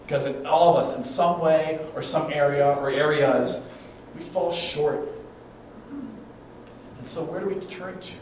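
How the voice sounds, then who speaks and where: Pastor preaching in an echoey church. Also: male voice, fairly high pitch, steady tone, a little slow, a little mellow, a little hiss or hum. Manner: storytelling preacher, acts out quotes, dynamic swings in volume. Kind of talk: sermon. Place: church sanctuary. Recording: echoey church hall, mic at a distance.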